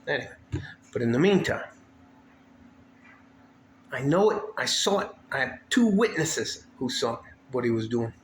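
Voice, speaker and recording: A man's voice: medium pitch, sing-song, unhurried, pauses often. A man venting angrily in a vlog, profane and heated, circling back to the same complaints. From West Texas. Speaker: vlogger. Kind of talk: angry venting monologue. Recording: echoey room with faint ambient noise.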